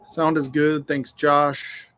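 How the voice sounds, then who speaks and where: A man's voice: on the high side, little pitch movement, slow, fairly bright tone. A man hosting a casual livestream chat outdoors in the wind, laid-back, swearing freely and greeting viewers by name. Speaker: livestream host. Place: outdoors on a windy afternoon.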